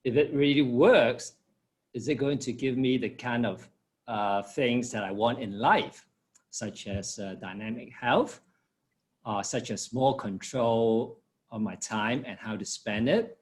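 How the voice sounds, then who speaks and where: Man from Hong Kong, mid pitch, measured, explanatory interview answer. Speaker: interviewee, former finance professional.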